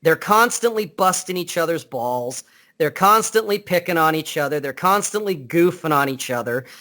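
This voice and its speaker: A man chats as a guest on a podcast, heard over a Skype call. He is blunt and unfiltered, and he rambles and restarts his sentences. His voice sits somewhat high for a man. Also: expressive, normal speed, bright, forceful tone. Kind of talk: casual interview chat.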